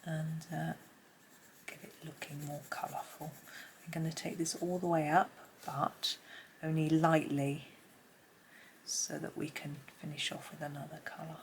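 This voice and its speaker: A woman giving a casual colouring tutorial at home, chatty and rambling, often dropping into soft asides under her breath. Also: low-pitched, little pitch movement, measured pace, a little hiss or hum. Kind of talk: casual colouring tutorial, talking while drawing. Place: home room with pencils scratching on paper.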